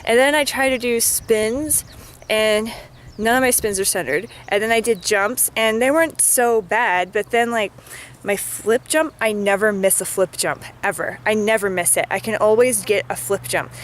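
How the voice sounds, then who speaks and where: Woman vlogger, mid-pitched, chatty and rambling, a faint hum of noise behind. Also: moderate pace. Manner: chatty, filler-heavy, lots of "like"; frustrated, venting. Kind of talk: casual vlog chat.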